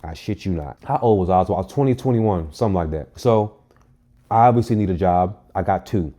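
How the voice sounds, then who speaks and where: Low, warm-voiced man telling a story. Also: brisk. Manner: animated, profane, emphatic storytelling. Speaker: vlogger. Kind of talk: casual storytime monologue.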